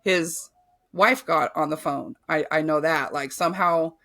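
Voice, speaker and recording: This is a woman in her thirties with a gravelly, creaky voice, telling her own hard story on a podcast. She is blunt and swears, and her sentences trail off and restart. The tone stays casual and frank. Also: sits low, measured pace, fairly bright tone. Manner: frank, profane, full of fillers and restarts. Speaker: podcast host. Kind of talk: candid personal storytelling.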